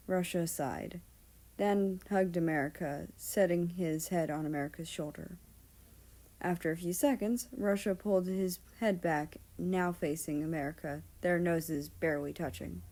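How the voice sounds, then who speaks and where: A woman's voice: fairly low pitch, steady tone, moderate pace, warm tone. A woman reading fan fiction aloud, narrating casually with offhand asides and the odd swear word. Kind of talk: storybook narration.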